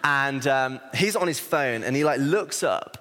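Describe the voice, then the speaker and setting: Man preaching, self-deprecating, animated storytelling, mid-pitched voice, echo of a hall. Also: measured pace. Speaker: assistant pastor. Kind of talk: sermon with personal storytelling. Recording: reverberant hall.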